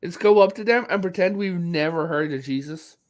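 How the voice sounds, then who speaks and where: Guest: man from Europe, animated storyteller, quick to laugh. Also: high voice. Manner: animated storyteller, acts out quotes, laughs often. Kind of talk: casual chat, telling anecdotes.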